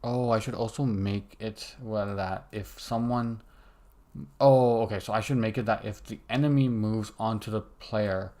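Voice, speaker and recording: Keys clatter and a mouse clicks as a young man codes a game on stream, talking casually to himself and cutting off his own sentences. His voice is fairly low and darkish, with fairly even intonation and a measured pace.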